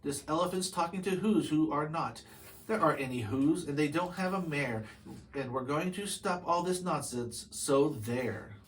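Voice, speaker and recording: A man's voice: fairly high pitch, moderate pace, lightly acted, poor audio. A man voicing a group of mocking male jungle monkeys while reading a storybook aloud, in a scoffing, dismissive way.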